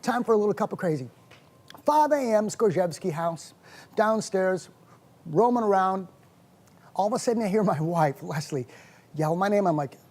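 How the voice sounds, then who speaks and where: A man hosting a wellness show, telling a story about his morning in a casual, animated and self-mocking way. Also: high voice, a little fast.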